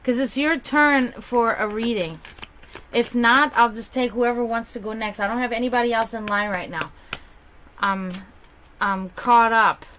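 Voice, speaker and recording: A woman with a German accent carrying a slight Slavic touch, a native German speaker, chatting bubbly and casually as a psychic reader hosting a livestream. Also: slight background noise. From half German, half Serbian. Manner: chatty, bubbly, quick swings in pitch and loudness.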